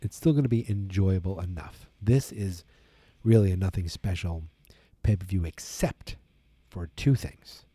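A man's voice: deep voice, measured pace, warm tone, husky, no room sound. A tired man hosting his own wrestling talk show, rambling casually with many fillers and restarts. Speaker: wrestling podcast host. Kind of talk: casual solo commentary.

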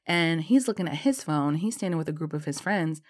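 Low-voiced woman telling a chatty story. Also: fairly quick. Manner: chatty, lots of fillers like "um" and "you know"; lively, acts out dialogue in her story. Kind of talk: casual personal storytelling.

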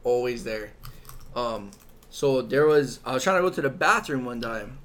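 A man's voice: mid-range voice, normal speed, a bit bright. A young man from Hawaii in casual chat, telling a rambling, profane story and acting out what people said.

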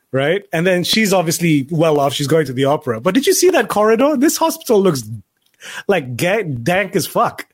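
A man's voice: sits high, very animated, brisk. A man in a casual watch-along chat, joking and swearing freely as he riffs on a show.

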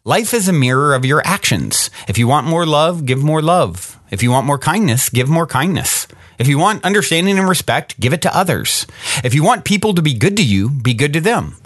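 A man reading aloud as a calm, wise father explaining a lesson to his son. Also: on the high side, a little fast, no room sound, clean studio sound, voice pushed up. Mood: earnest. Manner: calm, earnest, instructive. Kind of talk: reading a short story aloud.

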